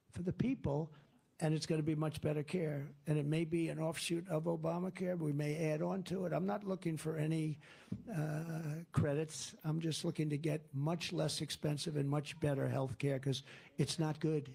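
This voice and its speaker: A man delivers a loose, wandering campaign rally speech in a gravelly, slightly husky voice pitched a bit higher than most men's. He repeats himself, circles back to earlier points and goes off on tangents as he addresses the rally. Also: dark tone. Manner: rambling, digressive, repetitive. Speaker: political candidate.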